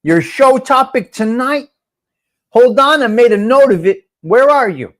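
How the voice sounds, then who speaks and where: Man, live-stream host, high voice, loud, swearing, chatty. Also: measured pace. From North Jersey. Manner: loud, profane, talks to viewers by name. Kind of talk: casual live-stream chat.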